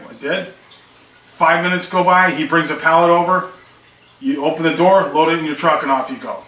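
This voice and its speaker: A man's voice: fairly high pitch, bright, forceful tone. A man casually telling a story, acting out both sides of the conversations he recounts. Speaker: small online seller vlogger. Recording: echoey room, mic at a distance, faint hiss.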